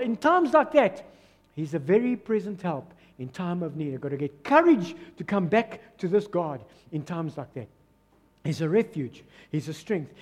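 A man with a South African accent preaching a sermon as pastor, swinging from loud exclamations to soft, low asides. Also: big-room sound. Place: church hall.

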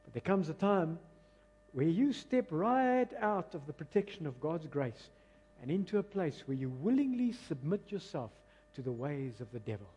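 A man preaching a passionate, emphatic sermon that swings between loud and quiet. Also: a little high, lively intonation, normal speed, breathy edge, lo-fi sound. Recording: long reverb of a large hall.

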